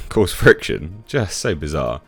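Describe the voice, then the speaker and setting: A very deep-voiced man talks through his commentary in a casual, sarcastic way, and his lively delivery leaps from low mutters to sharp high bursts. The recording is dry and close, with faint music underneath. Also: takes it slowly, vocal fry, breathy edge, no echo. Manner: sarcastic, chatty, swings from low mutter to sudden high emphasis. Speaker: YouTube commentator. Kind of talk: casual commentary reading quotes.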